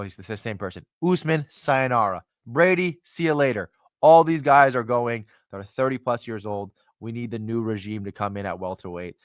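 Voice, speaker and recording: Male host, mid-pitched, casual fight-prediction monologue, rambling and animated, dry close sound. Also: dry recording. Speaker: MMA analyst host.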